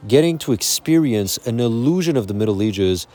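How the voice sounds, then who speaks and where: A man's voice: mid-range voice, expressive, moderate pace, darkish tone. A man from Quebec with a Québécois accent, talking casually and with strong opinions as the host of a music channel, swearing now and then. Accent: Québécois French. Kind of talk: casual explanatory monologue.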